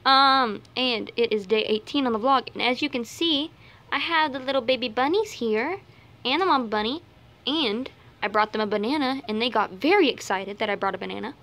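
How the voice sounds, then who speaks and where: A young woman with a fairly bright voice talks a little fast while vlogging at home by her bunnies' cage. Her handheld camera rests on her knees as she chats to viewers and coos and scolds the bunnies in a high sing-song tone.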